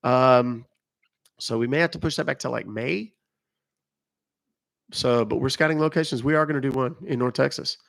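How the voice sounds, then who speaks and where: A man's voice: mid-range voice, normal speed, creaky, long pauses, a bit bright. A middle-aged man chatting casually on a live stream, rambling and joking as he reacts to viewer comments. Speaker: live streamer reading chat.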